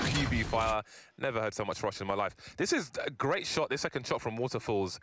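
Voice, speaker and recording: Excitable play-by-play esports caster. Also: male voice, on the low side. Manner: quick, excitable calls with dry jokes. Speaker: esports commentator. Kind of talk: play-by-play commentary. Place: studio. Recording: noisy broadcast with game sounds.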